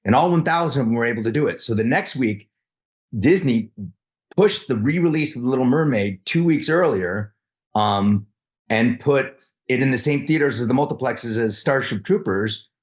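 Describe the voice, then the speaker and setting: A middle-aged man, a guest actor in a casual interview, telling animated stories while stumbling and repeating words. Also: medium pitch. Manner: halting, restarts and repeats words often.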